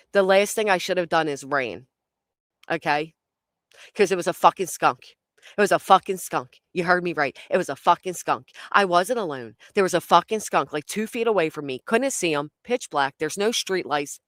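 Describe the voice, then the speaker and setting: A woman's voice: on the low side, a bit bright, no echo, clean studio sound. A woman telling a wild personal story in a blunt, casual way, swearing constantly, acting out her own inner voice and laughing through her lines.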